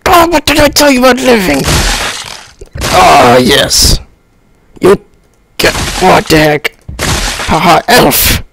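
A young man on a headset giving excitable let's-play commentary, yelping and laughing as he plays. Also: on the high side, unhurried, vocal fry, pauses often, background noise. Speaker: gamer.

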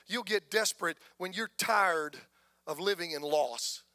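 Man, Southern US accent, preacher, impassioned sermon, gravelly, dry close sound. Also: sits high, moderate pace, dry recording. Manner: impassioned preaching, swings from soft to shouting. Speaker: pastor.

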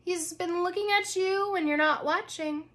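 A woman's voice: very high-pitched, moderate pace, a bit bright, voice pushed up. A woman voicing a playful preteen girl who teases her best friend in a sing-song way, in a children's book reading. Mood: teasing. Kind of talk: children's book read aloud.

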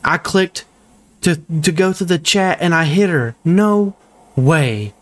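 A man's voice: fairly high pitch, lively intonation, slow pace, a bit bright. A young man giving live gameplay commentary on his first playthrough, exclaiming and groaning at his own mistakes. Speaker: gamer streaming a first playthrough.

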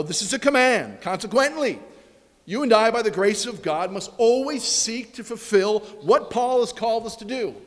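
A man preaching a sermon as pastor, emphatic and repetitive, with his voice dropping low at the ends of phrases. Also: long reverb tail. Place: church sanctuary.

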